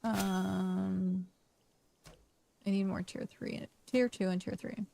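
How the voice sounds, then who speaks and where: Young adult woman, game streamer, tired and rambling casual chat, gravelly fry in a mid-height voice. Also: medium pitch, normal speed, warm tone. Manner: rambling, talks to herself and chat. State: tired, yawning. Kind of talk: casual live-stream chat while playing.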